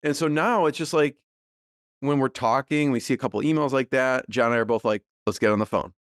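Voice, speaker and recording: A middle-aged man, a podcast guest, talking casually and thoughtfully with many fillers and soft laughs. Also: mid-range voice, brisk, smooth, no echo, clean studio sound. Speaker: podcast guest, business co-founder. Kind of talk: casual interview conversation.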